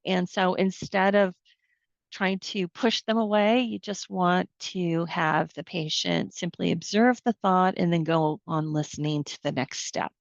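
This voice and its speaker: Calm woman guiding slow breathing. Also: lowish voice, creaky, no room sound. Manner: calm, slow guided-relaxation delivery. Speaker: presenter at a professional symposium. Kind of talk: conference talk and guided breathing exercise. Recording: dry, dull lo-fi session recording.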